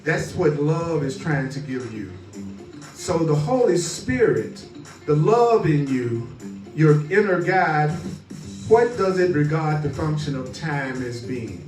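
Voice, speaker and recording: Slow rhythmic male spiritual teacher. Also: fairly high pitch, very animated, a little mellow, roomy sound, recorded from a distance, soft background music, low-quality recording. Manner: rhythmic, repetitive, call-and-response phrasing.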